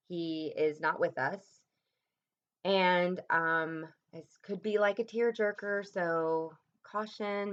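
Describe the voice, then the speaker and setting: A woman in her thirties speaking to camera in a personal vlog, telling a painful story in a halting, reflective way with many pauses and restarts, her voice dropping low and soft at the hardest moments. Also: dull audio. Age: 30s. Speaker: vlogger.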